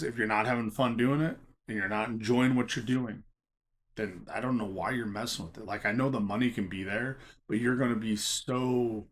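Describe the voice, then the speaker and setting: A man talking casually to camera about collecting and selling trading cards, emphatic and chatty, often checking in with "okay?". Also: medium pitch. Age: adult teaching a college class. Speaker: Pokémon card collector and seller.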